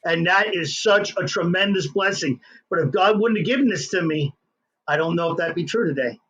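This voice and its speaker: A middle-aged man, an inventor telling his story as an interview guest in an excitable, hyper way. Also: high-pitched, a little fast, lo-fi sound.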